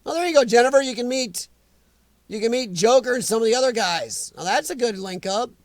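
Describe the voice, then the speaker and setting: A man's voice: very high-pitched, expressive, brisk, no echo. A middle-aged man, hosting a casual live chat, teasing and joking with commenters. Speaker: livestream host reading chat.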